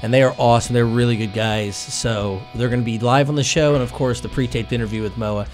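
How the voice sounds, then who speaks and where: A man's voice: medium pitch, fairly even intonation, fast talker, a little mellow, faint music behind. A man hosting a casual radio talk show, rambling and chatty with many fillers and restarts. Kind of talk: casual chat.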